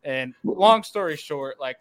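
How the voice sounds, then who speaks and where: Bright-voiced man telling a story. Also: on the high side, a little slow. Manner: animated storyteller, laughs often. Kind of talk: casual chat, storytelling.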